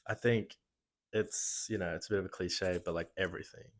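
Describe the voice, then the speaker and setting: A young man from Australia with an Australian accent, chatting casually as a podcast guest, relaxed and dryly teasing. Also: low voice, a little fast. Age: young adult. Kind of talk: casual chat.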